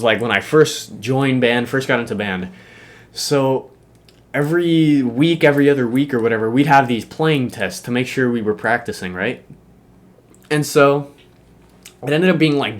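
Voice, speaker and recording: Animated young man telling a school story. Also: mid-range voice. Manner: animated, slangy and profane, with many fillers. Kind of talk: casual storytelling.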